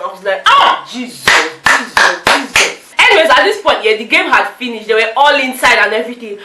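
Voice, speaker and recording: A young Nigerian woman vlogger recapping reality-show drama, animated and slipping into pidgin. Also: high-pitched, very noisy. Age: young adult. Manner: animated, slips into pidgin, acts out quotes. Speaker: entertainment vlogger. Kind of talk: excitable gossip recap. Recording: roomy echo.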